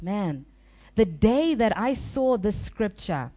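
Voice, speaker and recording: A woman pastor preaching a sermon, telling a confessional story in an animated, laughing way. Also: medium pitch, slow pace.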